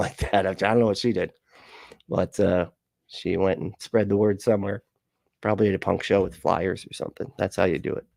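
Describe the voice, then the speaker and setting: A man's voice: low-pitched, creaky, a little mellow, dry recording. A man with a Southern US accent hosting a livestream, chatting casually and reading comments, rambling, laughing a lot and swearing freely. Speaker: livestream host.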